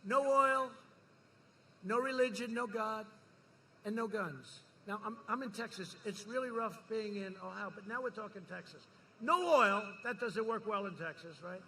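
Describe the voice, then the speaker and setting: A man delivering a campaign rally speech in a high, intensely forceful voice. He talks in a boastful, repetitive way, pushing to rouse the crowd. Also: moderate pace, a little hiss or hum. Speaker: politician speaking at a campaign rally.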